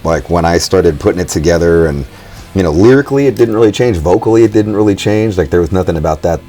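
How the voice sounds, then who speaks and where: A very deep-voiced American man talks loosely about his songwriting, rambling and now and then cursing in passing. Faint music runs underneath him throughout. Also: lively intonation, fast talker, mellow. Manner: loose, rambling, swears casually. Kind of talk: casual interview talk.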